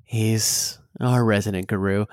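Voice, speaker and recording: A man's voice: lowish voice, fairly even intonation, unhurried, darkish tone, clean tone, no echo. A man hosting a casual podcast with his friends, joking and rambling. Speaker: podcast host.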